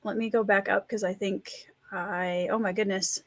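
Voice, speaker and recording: A woman's voice: medium pitch, fairly even intonation, moderate pace, no room sound. Chatty woman with a Minnesota accent. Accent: Scandinavian Midwestern American. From rural Minnesota, US. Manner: chatty, laughs often, reads out viewer comments. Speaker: livestream host and writer. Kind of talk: relaxed live-stream chat.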